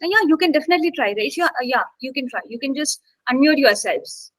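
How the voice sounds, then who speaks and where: A woman's voice: high voice, expressive, quick pace, fairly bright tone, no echo, low-quality recording. A woman instructor teaching an online English class, coaxing students to take part, with many fillers.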